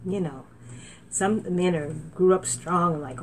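Woman preaching an animated sermon. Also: on the low side, a little slow, slight background noise. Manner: animated preaching with many fillers and restarts, rising to exclaim. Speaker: minister. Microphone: laptop.

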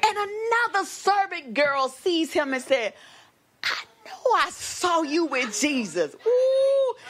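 Animated high-pitched woman preaching. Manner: animated call-and-response preaching, drawn-out exclamations. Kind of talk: sermon.

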